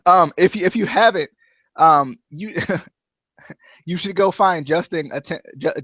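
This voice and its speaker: A man's voice: fairly high pitch, fairly bright tone, dry recording, highs cut off. A man co-hosting a podcast, chatting playfully about football picks and breaking into sing-song chants. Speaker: podcast co-host. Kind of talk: casual chat, football picks.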